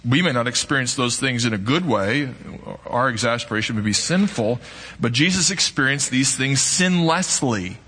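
A man preaching a sermon to a congregation, earnest and emphatic, with dramatic pauses. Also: mid-range voice, pushed and bright, big-room sound. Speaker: pastor. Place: church sanctuary.

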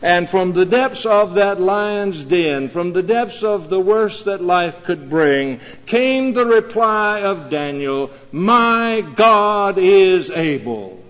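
A man, a pastor, preaching a sermon in a measured, earnest way with dramatic pauses. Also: high voice. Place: church sanctuary. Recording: dull lo-fi recording in a reverberant church.

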